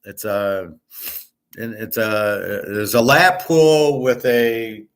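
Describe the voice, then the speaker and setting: A man's voice: lowish voice, steady tone, drawn-out words, fairly bright tone. A man from Michigan hosting a casual monologue. He talks in a blunt, profane, rambling way. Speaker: host.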